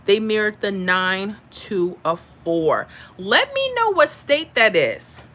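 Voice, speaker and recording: A woman's voice: mid-range voice, big pitch swings, takes it slowly, fairly bright tone, rough recording. A woman from Florida, hosting a casual livestream and answering viewer comments. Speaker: livestream host.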